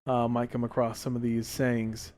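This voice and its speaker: Smooth-voiced young man chatting casually. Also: mid-range voice, moderate pace. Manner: relaxed, rambling with fillers. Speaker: podcast co-host. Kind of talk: casual chat.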